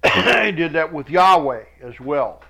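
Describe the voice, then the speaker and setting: A man teaching scripture verse by verse, reading each verse slowly with emphasis and adding quick asides. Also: fairly high pitch, animated, vocal fry, bright, forceful tone. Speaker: Bible teacher.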